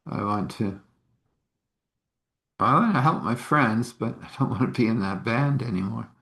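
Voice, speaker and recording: A man's voice: mid-range voice, moderate pace, creaky, a bit bright. Man quoting an earnest pleading young man.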